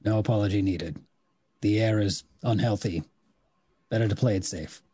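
A terse masked mercenary, voiced by a man. He has a low, dark and husky voice and speaks in clipped lines, dry and close to the mic. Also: normal speed, dry recording. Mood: calm.

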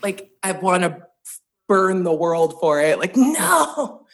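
A woman guest on a podcast, talking in an animated way, laughing and poking fun at herself. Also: fairly low pitch, unhurried. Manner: animated, laughing, self-deprecating humor. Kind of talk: casual interview chat.

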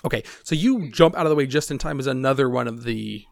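A man narrating as game master in a tabletop game, rambling and relaxed with many fillers. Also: mid-range voice, fast, gravelly, no room sound, studio quality.

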